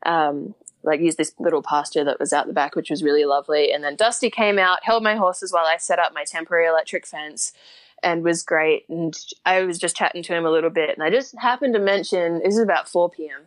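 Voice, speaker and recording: A woman's voice: lowish voice, fairly quick, dry recording. A young Australian woman telling a story in a casual interview, chatty, with frequent laughs and fillers. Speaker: guest.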